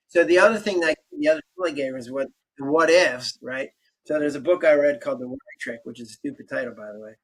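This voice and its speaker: Husky man telling stories animatedly. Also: a little high, poor audio. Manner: animated storytelling, acts out both sides of conversations. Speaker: podcast guest doctor. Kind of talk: explaining stress coping tools.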